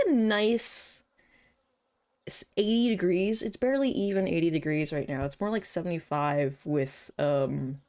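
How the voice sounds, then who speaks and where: A woman's voice: deep voice, darkish tone. A young woman streamer chatting casually while playing a farming game, laughing often and swearing freely. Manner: chatty, laughs often, swears casually, quotes comedy bits in put-on voices.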